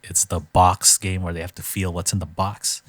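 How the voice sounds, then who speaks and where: A man co-hosting a podcast, retelling a show in casual chat and acting out quotes in sudden high voices. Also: level tone, moderate pace, no room sound. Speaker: podcast co-host.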